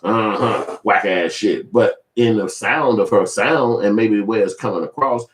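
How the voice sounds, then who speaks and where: His voice sits lowish and moves at a moderate pace as he delivers rambling, foul-mouthed commentary on a celebrity feud. This vlogger keeps things casual and mimics the voices of others. There's a roomy echo on the audio.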